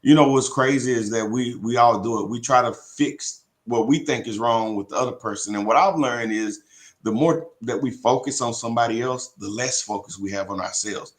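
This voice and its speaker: A man's voice: mid-range voice, normal speed. A man co-hosting a live faith podcast, chatting casually, reading viewer comments and scripture aloud. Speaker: podcast co-host. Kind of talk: casual faith talk show chat.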